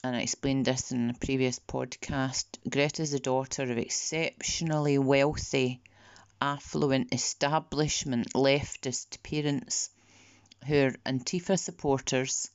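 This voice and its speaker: A woman delivering a podcast monologue in a slow, deliberate way, sometimes dropping to a near whisper. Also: rumbling low, steady tone, smooth, dry recording. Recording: dull, lo-fi dry recording.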